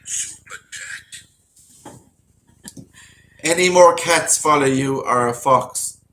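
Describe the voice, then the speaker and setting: A man's voice: a little high, unhurried, fairly bright tone. A man hosting a casual live-stream chat, chatting and reading out viewer comments.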